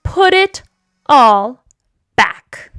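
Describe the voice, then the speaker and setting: A woman reading a storybook aloud, voicing an exasperated but loving father who scolds in a lower, deliberate voice. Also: big pitch swings, vocal fry, a bit bright, smooth, no echo, clean studio sound, exaggerated voice. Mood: stern.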